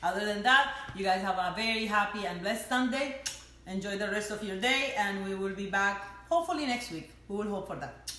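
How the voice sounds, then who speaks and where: A woman's voice: mid-range voice, animated, fairly quick, fairly bright tone. A woman hosting a casual home cooking live stream, chatty and teasing, laughing often as she talks to viewers. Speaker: cooking show host. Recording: echoey room with faint noise.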